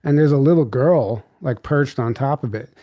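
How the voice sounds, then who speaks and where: A man speaking as an interview guest, winding through a story with lots of fillers and false starts. His voice is mellow and dark in tone. The sound is dry and close, with no room around it. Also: medium pitch, normal speed, no room sound. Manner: rambling, filler-heavy recounting with many restarts. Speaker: podcast guest. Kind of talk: candid storytelling.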